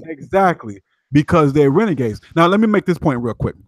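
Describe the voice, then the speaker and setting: A man's voice: fairly high pitch, very animated, brisk, dry recording. A man from Chicago talking emphatically as a guest commentator, in casual street slang.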